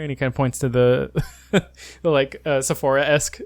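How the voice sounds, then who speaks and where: A man's voice: medium pitch, steady tone, brisk, fairly bright tone. A man in his twenties co-hosting a podcast, telling rambling travel stories full of fillers and frequent laughs. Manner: rambling storyteller, laughs often, many fillers. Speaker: podcast co-host. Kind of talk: casual chat.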